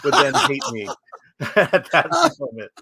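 A man co-hosting a film talk livestream, laid-back and quick to laugh. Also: medium pitch, slightly rough, no room sound. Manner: laid-back, laughs often, animated storytelling. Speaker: co-host of a film talk show. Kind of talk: casual livestream chat.

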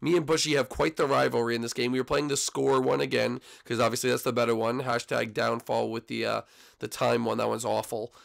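A young man hosting his gaming channel, giving excitable, trash-talking commentary on his own play. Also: medium pitch, brisk, vocal fry.

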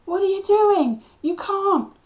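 Woman doing a scared little boy sobbing, high and strained, storybook reading. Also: lively intonation, takes it slowly, darkish tone, heavily acted. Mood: alarmed. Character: frightened tearful young boy. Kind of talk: reading a children's novel aloud.

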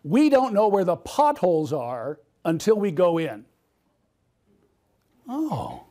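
A middle-aged man speaks from a conference stage in a keynote, his voice sitting noticeably high for a man. He tells a personal story and turns often to the audience with questions. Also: big pitch swings, takes it slowly, mellow. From United States.

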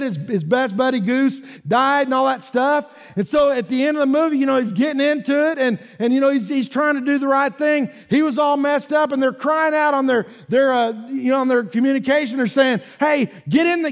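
High-voiced man preaching in a church. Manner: folksy, emphatic preaching with many "man" and "right?" asides. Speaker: pastor. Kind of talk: sermon. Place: church sanctuary. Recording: church hall reverb.

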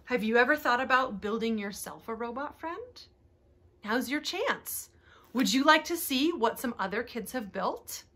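A woman librarian reading picture books aloud to young children, animated and expressive, inviting them to join in. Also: a little high, measured pace, slight background noise. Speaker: librarian storyteller.

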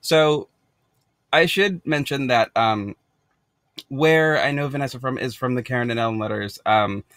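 An American man chatting through an unboxing in a bubbly, rambling way, giggling often. His voice sits at a medium pitch. The sound is dry and close. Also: measured pace, a bit bright, no echo. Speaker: podcast host. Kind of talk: casual unboxing vlog.

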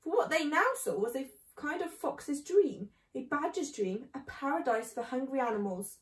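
A woman reading a children's book aloud in a clear, steady storytelling manner. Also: high-pitched, moderate pace, far from the mic. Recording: echoey room.

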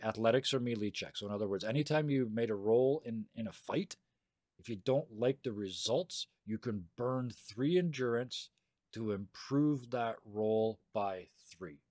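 A man's voice: mid-range voice, unhurried, darkish tone, dry recording, studio quality. A man running a tabletop game, casually explaining the rules in a rambling way and laughing often. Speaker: game master.

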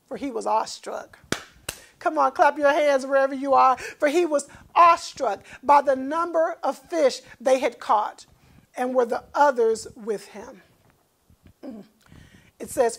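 A woman preaching a fervent sermon, repeating phrases and calling out to listeners. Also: high voice. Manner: fervent, repetitive call-and-response preaching.

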